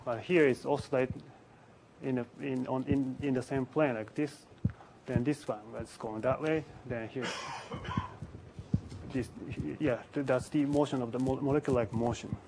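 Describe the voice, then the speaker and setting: A man giving a conference lecture on physics in a symposium room, speaking haltingly with many restarts and pauses. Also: mid-range voice, fairly even intonation, noisy background.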